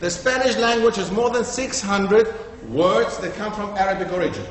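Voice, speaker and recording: High-voiced man lecturing in an echoey hall. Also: animated, normal speed. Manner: quizzes the audience, checks with "okay?". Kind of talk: interactive classroom talk. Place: community centre hall. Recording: echoey hall with faint noise.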